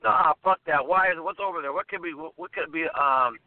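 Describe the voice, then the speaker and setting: A man co-hosting a podcast in casual chat, excitable and rambling, sometimes searching for words. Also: on the high side, brisk, dry recording. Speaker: podcast co-host. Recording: tinny phone-like sound.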